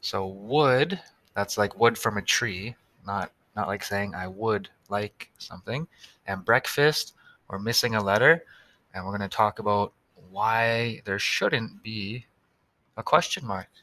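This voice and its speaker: A man's voice: fairly low pitch, a little slow, sharp tone, no echo. A man teaching a recorded tutorial for young students, patiently sounding out words and spelling them letter by letter.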